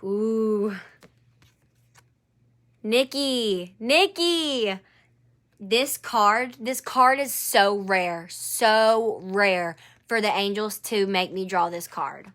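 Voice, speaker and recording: A woman gives a live-streamed angel card reading, addressing one viewer by name, encouraging her and repeating her phrases. Her voice is medium-pitched and a bit bright, and she talks very slowly.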